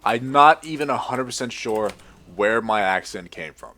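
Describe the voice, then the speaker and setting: A young Australian man with a mostly American-sounding accent, chatting casually and sweary over gameplay, now and then shouting excitedly at the game. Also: medium pitch, normal speed. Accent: American-sounding with bits of Australian. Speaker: gaming video host.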